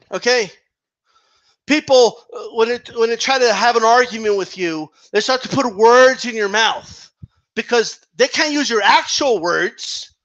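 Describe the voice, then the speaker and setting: A man's voice: extremely high pitch, fairly bright tone, dull audio. A man ranting about boxing in a heated, casual monologue, swearing and repeating himself for emphasis. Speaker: boxing commentator.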